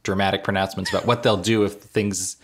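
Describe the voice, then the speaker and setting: A man's voice: low-pitched, flat delivery, quick pace. A man co-hosting a casual podcast chat, dropping wry, joking asides.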